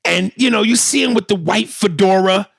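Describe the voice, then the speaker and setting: Gravelly-voiced man, animated podcast talk. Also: sits high, moderate pace, no echo, clean studio sound. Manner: animated, swears freely, mimics voices. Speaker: podcast co-host. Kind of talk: casual podcast chat.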